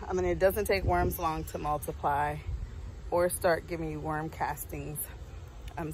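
Woman, slow unhurried talk, lowish voice, folksy garden chat, outdoors, faint background noise. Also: a little mellow, rough recording. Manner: chatty, folksy, with frequent ums. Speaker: homestead vlogger. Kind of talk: casual garden walkthrough.

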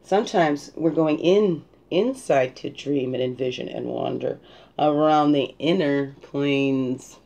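A woman's voice: extremely low pitch, takes it slowly, gravelly, mellow, dull audio. Musing woman spiritual guide. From Canada. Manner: reflective, musing, often asks "right?". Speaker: spiritual guide and card reader. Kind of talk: spiritual guidance talk with a card reading.

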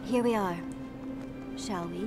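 A woman playing a soft-spoken young senator. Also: medium pitch, slow, close to an everyday voice. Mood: gracious. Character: poised young female senator, earnest and formal. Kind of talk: video game cutscene acting. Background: game music.

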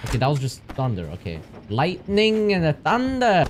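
A young man with a high, wildly swinging voice calls out each moment of a horror game, hyper and loud, cursing as he goes. Eerie game ambience hums clearly behind his speech. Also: very animated, moderate pace, slight background noise. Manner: hyper, jumpy, loud reactions and swearing. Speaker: gaming channel host. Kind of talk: horror game let's play commentary.

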